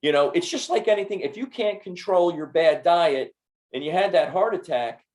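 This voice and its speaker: A middle-aged man hosting a health podcast, telling stories in an animated, repetitive way. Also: a little high, moderate pace. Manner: animated storyteller, repeats words. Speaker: podcast host and doctor. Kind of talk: casual interview chat.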